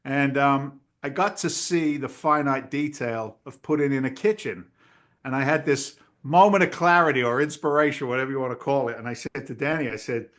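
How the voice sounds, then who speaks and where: A middle-aged man, telling his story as a guest in a podcast interview, acting out the people in it. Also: fairly quick. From New England, US. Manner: animated storyteller who acts out the people in his story, pitch jumping up in quotes. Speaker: guest, real estate investor.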